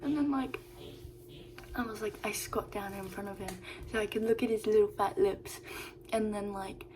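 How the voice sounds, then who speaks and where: A woman's voice: mid-range voice, fairly even intonation, moderate pace, darkish tone, slight background noise. A woman telling stories in a casual vlog, rambling with lots of "like" and restarts.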